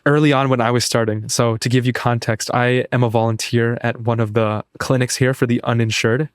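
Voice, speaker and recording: A man's voice: mid-range voice, steady tone, brisk, clear, resonant tone, dry recording, studio quality. Earnest young man telling a story. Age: young adult. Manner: earnest, eager, restarts phrases. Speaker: guest, pre-med student. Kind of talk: casual interview storytelling.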